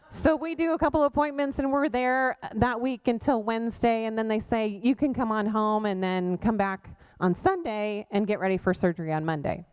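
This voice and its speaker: A woman's voice: a little high, moderate pace, hardly any pauses, clear, resonant tone. A middle-aged woman telling her personal faith story as a guest speaker at a church women's event, acting out what people said. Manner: animated storytelling, acting out quoted voices. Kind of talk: personal testimony talk.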